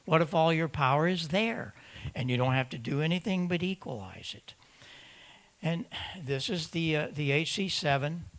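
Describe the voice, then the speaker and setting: A man's voice: fairly high pitch, expressive, moderate pace, a bit bright. A man giving an emphatic conference talk to an audience of ham radio operators, repeating words for stress and acting out the voices of other hams. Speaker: presenter at a ham radio symposium. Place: conference room in front of an audience.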